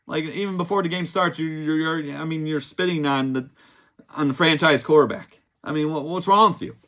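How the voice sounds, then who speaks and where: A man's voice: fairly high pitch, brisk, fairly bright tone. A young man hosting a casual sports show, firing off exasperated rhetorical questions as he breaks down a loss. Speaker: sports podcast host.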